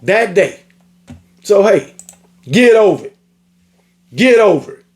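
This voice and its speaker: A man's voice: high-pitched, animated, slow, a little mellow. A man ranting about college football, scolding and repetitive, with casual swearing. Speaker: sports commentator. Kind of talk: ranting sports opinion monologue.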